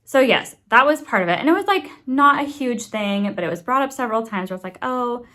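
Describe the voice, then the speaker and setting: A woman chatting casually in a book review vlog, animated and exasperated, with lots of asides and fillers. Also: fairly high pitch, fast.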